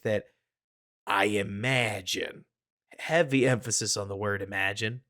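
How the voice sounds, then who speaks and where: A man's voice: medium pitch, fairly bright tone. Hedging, analytical man on a sports podcast. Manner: hedging, self-aware, addresses co-host by name. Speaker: podcast co-host. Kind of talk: casual sports podcast chat.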